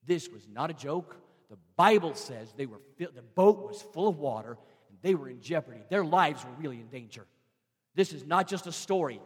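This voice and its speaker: A man preaching a sermon as pastor, swinging from loud passionate shouting to hushed, pleading tones. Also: fairly high pitch, slightly rough, long reverb tail.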